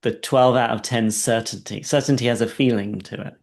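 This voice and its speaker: A man coaching a client through a guided session, speaking calmly and checking in often with "right?". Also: mid-range voice, a little fast, vocal fry. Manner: calm and soft-spoken in guidance, animated when telling stories; frequent "right?" check-ins, laughs between points.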